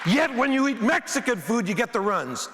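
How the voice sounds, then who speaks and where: A man from the United States giving an animated, emphatic keynote speech with comic storytelling in a large auditorium. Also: very high voice, moderate pace, very noisy. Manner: animated, emphatic, joking with the audience. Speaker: keynote speaker. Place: large auditorium before an audience. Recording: echoey hall with faint crowd.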